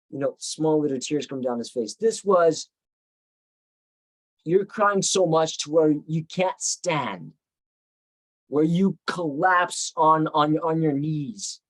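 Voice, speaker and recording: A man's voice: on the high side, no echo, poor audio. A man teaching a Bible study, retelling the story reflectively with frequent restarts.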